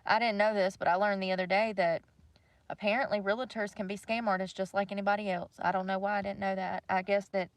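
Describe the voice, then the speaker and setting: A woman's voice: medium pitch, flat delivery, quick pace, dry recording. Casting: young woman, livestream host, blunt and profane, dry close sound. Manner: blunt, swears freely, venting about money. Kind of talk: casual rant to viewers.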